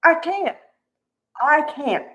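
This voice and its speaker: A woman's voice: high-pitched, animated, drawn-out words, pushed and bright, dull audio. A woman chatting casually as a soap opera commentator, frank and chatty, laughing often and calling people honey.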